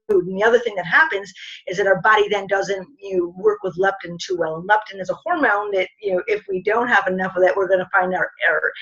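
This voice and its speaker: A woman's voice: mid-range voice, a bit bright, husky. A middle-aged woman, a naturopathic doctor, giving an informal health talk to an audience and often checking in with "okay?" and "you know". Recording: dull lo-fi recording.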